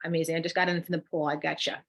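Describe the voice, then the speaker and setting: A woman with a New Jersey accent speaks in a deep, flat voice, very fast and a bit bright. She's co-hosting a live online wellness workshop over a computer mic, reading viewer chat replies and guiding breathing exercises.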